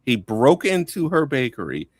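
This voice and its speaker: A man's voice: medium pitch, big pitch swings, normal speed, husky, no echo, studio quality. A man narrating a tabletop game as game master on a live talk show, playful and laughing often.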